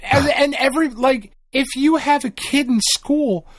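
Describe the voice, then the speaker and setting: A man's voice: very high-pitched, a little slow, dry recording, studio quality. A man co-hosting a podcast in casual chat, ranting with lots of swearing. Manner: profane, ranting, animated. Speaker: podcast co-host.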